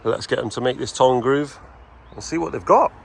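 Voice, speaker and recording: A man's voice: medium pitch, a little fast, creaky, breathy edge. Chatty man vlogging outdoors. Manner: chatty, keeps addressing viewers as "guys". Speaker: vlogger and builder. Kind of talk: casual vlog talk to camera. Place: outdoors on a building site.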